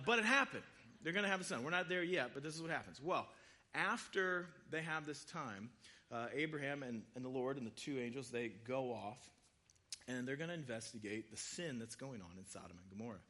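A man giving a sermon, retelling scripture stories in a casual, conversational way with quick voiced asides. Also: medium pitch, sharp tone. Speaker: preacher.

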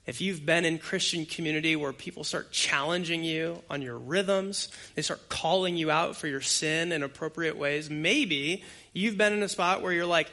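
A male pastor preaches with a bright, forceful tone and a voice that sits a little high for a man. He talks conversationally and hits his points hard. He speaks straight to the people in front of him. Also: a little slow. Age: adult with young children. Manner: conversational, emphatic preaching that addresses the congregation directly. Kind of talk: expository sermon.

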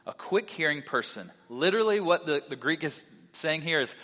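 A man preaching a sermon as pastor, mixing animated delivery with casual conversational asides. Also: on the high side, moderate pace, few pauses. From South Carolina. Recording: long hall reverb.

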